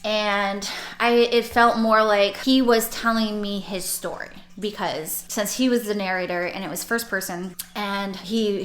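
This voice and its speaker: Chatty young woman vlogging about books, bright voice, kinda echoey room. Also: mid-range voice. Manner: rambling, chatty, with restarts and laughs. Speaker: book vlogger. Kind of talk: casual chat to camera. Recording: roomy echo.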